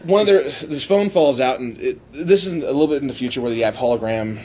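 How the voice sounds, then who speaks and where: A man's voice: mid-range voice, fast, slight background noise. A man hosting a casual podcast chat, recounting a story with frequent laughter and acted-out quotes. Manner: animated retelling with acted quotes. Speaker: podcast host.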